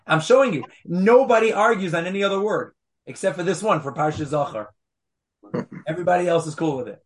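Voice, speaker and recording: A man lecturing a study group at an easy pace. his voice sits a touch high, and he comes back to his points, restating them with small asides as he goes. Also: animated, fairly quick. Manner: patient, repeats phrases, fond of asides. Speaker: Torah teacher. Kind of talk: explanatory class lecture.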